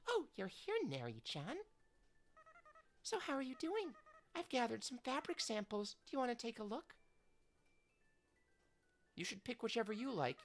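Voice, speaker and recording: A doting young woman designer, as a woman puts her on, speaking softly and gushingly with Japanese words dropped in. Her voice sits high and swoops brightly. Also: very animated, moderate pace, pauses often, faint music behind.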